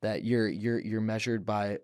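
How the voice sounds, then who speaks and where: A man's voice: lowish voice, little pitch movement, unhurried, a little mellow, clear, resonant tone, no echo, studio quality. A young man telling his story as a podcast guest, earnest, with restarts and quoted words. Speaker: guest, professional fighter. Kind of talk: emotional personal testimony. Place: podcast studio.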